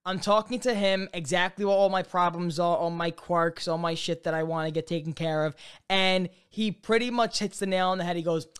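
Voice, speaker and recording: High-voiced young man telling a long story. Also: steady tone, brisk, clear, resonant tone. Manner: rambling anecdotes, acts out both sides of a conversation, swears freely. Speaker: podcast co-host. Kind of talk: casual chat, storytelling.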